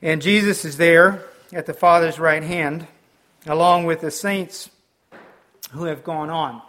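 Halting preacher, man, slightly high voice. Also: steady tone, a bit bright. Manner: halting, with frequent ums and restarts. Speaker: pastor. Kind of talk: sermon.

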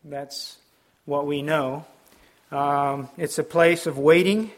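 Preacher, middle-aged man, pitch a touch high, halting sermon delivery with frequent ums. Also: fairly even intonation. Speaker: pastor.

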